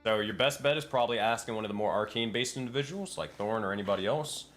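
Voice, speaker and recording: A man's voice: fairly low pitch, fast talker, a bit bright, soft background music. Stammering man running a tabletop game. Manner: stammering, laughing, restarts often. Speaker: game master.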